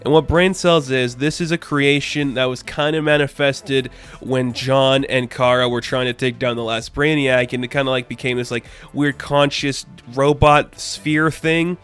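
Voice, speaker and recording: A man's voice: mid-range voice, fairly even intonation, normal speed, few pauses, a bit bright, clear, resonant tone, faint music behind. A man giving a casual comic book review, chatty and full of fillers, loosely paraphrasing what the characters say.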